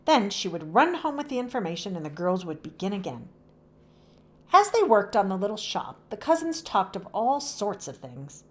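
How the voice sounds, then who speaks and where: A young adult woman reading a children's chapter book aloud with expressive storytelling. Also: mid-range voice, moderate pace. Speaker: read-aloud host.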